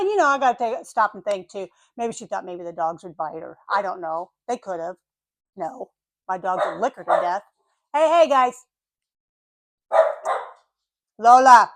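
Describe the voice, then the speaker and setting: An older woman chatting casually on her vlog, telling a story in an animated way and acting out the voices of the people and animals in it. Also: fairly high pitch, dry recording. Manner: animated, acts out voices of dogs and neighbors. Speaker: vlogger.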